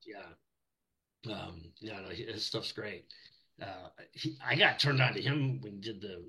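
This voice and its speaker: A man's voice: fairly low pitch, a little slow, sharp tone, low-quality recording. A middle-aged man, an animator, chatting casually in an interview and telling rambling anecdotes with many restarts. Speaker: animator guest.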